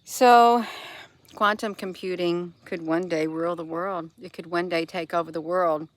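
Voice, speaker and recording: Slow, unhurried middle-aged woman, casual vlog chat, rambling and cooing at her cat. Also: lowish voice, fairly even intonation, dry recording. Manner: rambling, coos at her pet cat between remarks. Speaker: vlogger.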